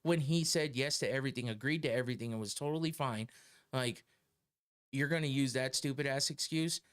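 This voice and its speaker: A middle-aged podcast host goes on a casual, heated opinion rant, swearing heavily and laughing often. He speaks briskly in a smooth, mid-range voice.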